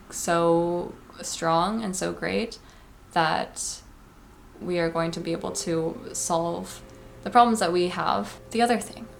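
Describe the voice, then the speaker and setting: A young woman speaks in a relaxed, confessional vlog manner. Her voice sits a little low and carries a noticeable gravelly fry. She rambles warmly through advice, peppering every thought with "like". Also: a little hiss or hum. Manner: chatty, heavy use of "like", earnest advice-giving. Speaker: vlogger.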